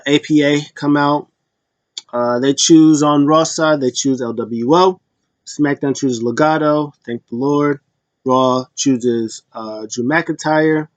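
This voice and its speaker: A man's voice: mid-range voice, no room sound. A man giving a casual, rambling recap full of fillers and restarts. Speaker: wrestling recap vlogger. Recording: dull lo-fi dry sound.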